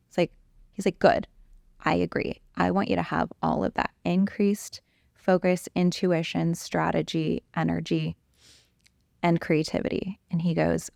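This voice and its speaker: A middle-aged woman coach telling a personal story in an interview, animated and acting out quoted exchanges. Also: fairly low pitch, measured pace, vocal fry, no echo, clean studio sound.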